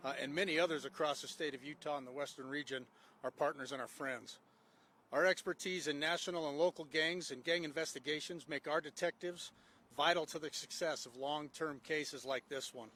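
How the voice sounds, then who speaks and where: A man's voice: fairly high pitch, steady tone, fairly quick, a bit bright. A man directing a gang unit, reading a prepared press conference statement with frequent "uh" fillers, outdoors with faint background noise.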